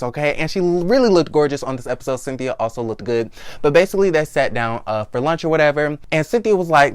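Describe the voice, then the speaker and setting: A man's voice: on the high side, animated, a little fast, smooth, dry recording, clean studio sound. A young man hosting his own vlog, recapping a reality TV show in a sassy, blunt, profane chat. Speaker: vlog host.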